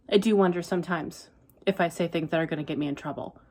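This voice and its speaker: Deadpan, ranting woman book vlogger. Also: on the low side, fast talker, slight background noise. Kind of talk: casual reading vlog.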